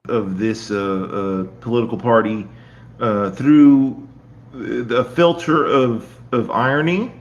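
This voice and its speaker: A man in a played clip speaking haltingly, stammering with many fillers. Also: medium pitch, highs cut off.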